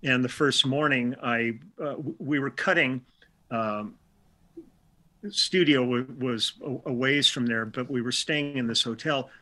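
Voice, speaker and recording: An older man from Milwaukee, a session musician, tells a long anecdote as a guest in a relaxed storytelling interview. His mid-range voice is bright and forceful, and his pace is measured. Chatty and anecdotal, he wanders through memories, restarts sentences often, and acts out quoted bits of dialogue.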